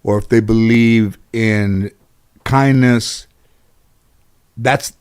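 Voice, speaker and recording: A man's voice: fairly low pitch, fairly even intonation, extremely slow, a little mellow, clean tone. Rambling middle-aged man telling stories. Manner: rambling, anecdotal, lots of fillers and restarts. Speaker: interview guest, comedian and actor. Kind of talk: casual storytelling in an interview.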